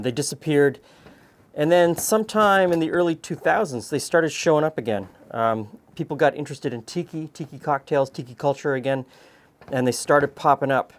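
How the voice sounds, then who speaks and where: A man's voice: on the high side, slight background noise. A man from Canada hosts a home cooking show in an easygoing way. He chats casually while cooking, trailing off with frequent ums. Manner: relaxed, chatty, frequent "um"s.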